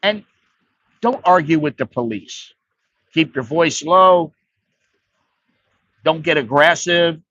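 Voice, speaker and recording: A man's voice: a little high, slow, pauses often, pushed and bright, dull audio. An American man giving blunt, profane, rambling advice on a casual livestream. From United States. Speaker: vlogger.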